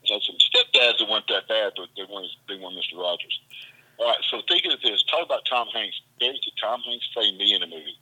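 Southern man, lively rambling talk. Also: lowish voice, quick pace, husky, low-quality recording. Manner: rambling, stop-start storytelling. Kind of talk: casual chat.

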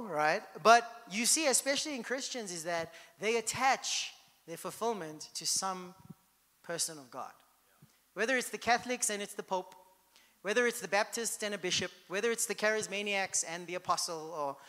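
A man's voice: high voice, sharp tone, long reverb tail. A man preaching a sermon as pastor, in a conversational style that keeps checking in with the congregation.

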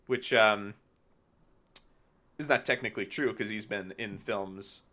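A man co-hosting a casual podcast, rambling enthusiastically about films. His voice is bright and forward, and his talk is loose and full of fillers. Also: on the low side, measured pace. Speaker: podcast co-host. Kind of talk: casual film chat.

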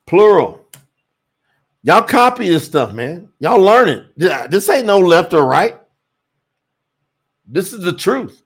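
A man's voice: high voice, slightly rough. A man from the United States hosting a livestream, teaching Hebrew scripture and answering the chat, with stretched-out emphasis. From USA. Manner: animated, drawn-out emphasis, addresses chat as y'all.

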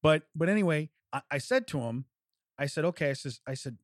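Animated man telling a story. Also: a little high, fairly quick, no room sound, clean studio sound. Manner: animated storyteller, acts out both sides of a phone call, laughs often. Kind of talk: casual storytelling chat.

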